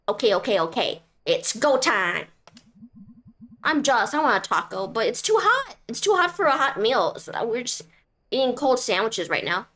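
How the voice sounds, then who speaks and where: A young woman streamer rambling playfully while she plays, goofy and quick to break into silly bits. Her voice sits fairly high, and soft game music runs faintly behind her. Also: sing-song. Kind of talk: casual game commentary.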